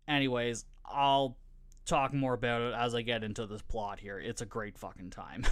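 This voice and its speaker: A man hosting a podcast, recapping a film casually with lots of swearing, jokes and laughter. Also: medium pitch. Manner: profane, joking, laughs often. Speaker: podcast host.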